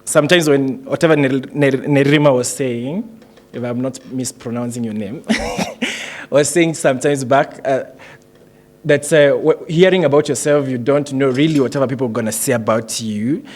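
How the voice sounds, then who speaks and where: A man hosts a graduation ceremony in an event room. He speaks with a humorous touch, pausing often and filling gaps with "uh" and "um." His voice sits at an ordinary pitch for a man. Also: a little mellow. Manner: humorous, hesitant with many fillers. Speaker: ceremony host.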